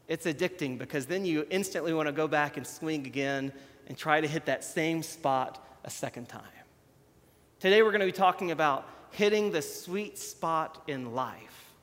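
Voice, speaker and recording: Chatty preacher in a big echoing hall. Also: male voice, fairly high pitch, expressive, unhurried, fairly bright tone. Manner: chatty, self-deprecating, shows props while talking. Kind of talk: conversational sermon.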